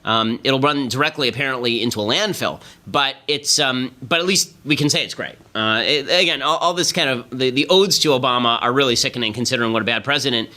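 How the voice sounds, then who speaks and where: A man hosting a political podcast, delivering a rapid, sardonic commentary monologue. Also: medium pitch, sharp tone. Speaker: podcast host.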